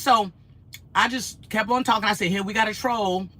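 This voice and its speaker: A woman chats through a casual vlog. Her voice sounds bright and forward, her pitch sits in the middle, and she tells stories in an animated, lively way. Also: moderate pace, breathy edge, dry recording. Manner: animated, laughs often, acts out quotes. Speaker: vlogger. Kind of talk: casual chatty storytelling.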